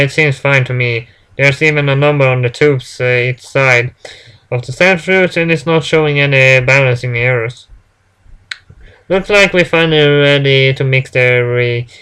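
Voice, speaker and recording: A man's voice: mid-range voice, sharp tone, clean tone. A man voicing a strict, fussy male lab supervisor who nags and checks the work. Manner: stern, nagging.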